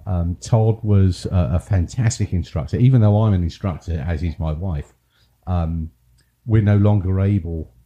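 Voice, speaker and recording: A man's voice: deep voice, mellow. A man with an English accent co-hosting a podcast, talking casually, teasing his co-host and laughing often. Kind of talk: casual chat.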